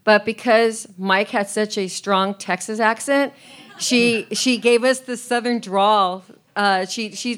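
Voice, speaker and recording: Woman, chatty, laughs easily, middle pitch, live panel. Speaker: podcast panel guest. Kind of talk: live podcast panel chat. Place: theater on a cruise ship, live audience.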